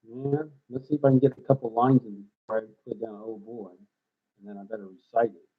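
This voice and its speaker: A man's voice: medium pitch, fairly quick. A middle-aged man hosting a live stream, rambling and thinking aloud as he works out rhymes, often mumbling asides. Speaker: host writing rhymes live. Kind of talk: casual live-stream chat. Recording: husky voice on a tinny phone-like line.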